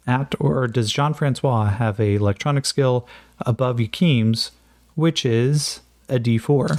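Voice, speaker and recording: A man's voice: medium pitch, darkish tone, dry recording. A man narrating a solo tabletop game, thinking aloud with frequent fillers and joking at his own attempts at accents.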